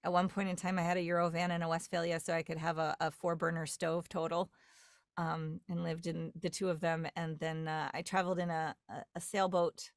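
Chatty woman, lowish voice, dry sound. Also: little pitch movement, a little fast, no echo. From New York. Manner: rambling, many fillers and restarts. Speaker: guest, dialect coach. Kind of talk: casual podcast conversation.

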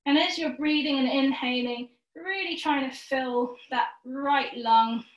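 Recorded with lo-fi sound, a high-pitched woman teaches yoga, naming poses in quick rounds and offering friendly encouragement. The room echoes and her voice seems distant.

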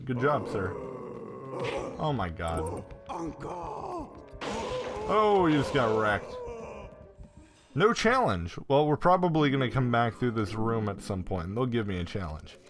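A man giving casual, excitable gameplay commentary and swearing often. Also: medium pitch, measured pace, pauses often.

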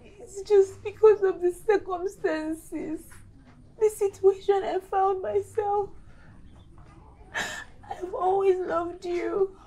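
A woman's voice: very high-pitched, fairly even intonation, slow pace, mellow, full character voice. A tearful, pleading mother and wife. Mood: tearful begging. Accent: Nigerian English. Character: guilt-stricken mother and wife begging forgiveness. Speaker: actress. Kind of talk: film drama acting.

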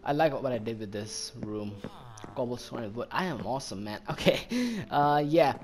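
A man giving casual, excitable commentary while playing a game, easily delighted and chatting to the animals he meets. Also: medium pitch, moderate pace. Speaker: gaming channel host. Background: background music.

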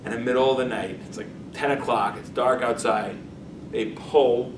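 A man who is a rabbi, telling a story in a casual, animated lesson. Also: mid-range voice. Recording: echoey room, distant mic, noisy.

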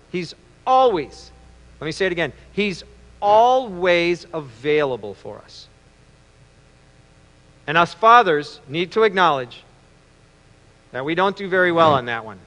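A man preaching a Father's Day sermon, telling stories with reflective pauses. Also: high-pitched, sharp tone. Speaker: pastor. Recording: long reverb in a large hall.

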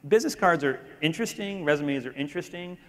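A man's voice: a little high, expressive, quick pace. A man speaking on stage in a casual, rambling conversation, often restarting his sentences. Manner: rambling, self-interrupting, conversational. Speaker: keynote speaker. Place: large conference hall. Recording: reverberant conference hall.

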